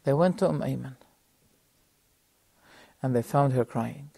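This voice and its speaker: A middle-aged man teaching a religious lesson on a TV program, telling a story earnestly with measured pauses and rhetorical questions, speaking straight to his audience. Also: medium pitch, vocal fry, dark tone, no echo. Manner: addresses the audience directly. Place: TV studio.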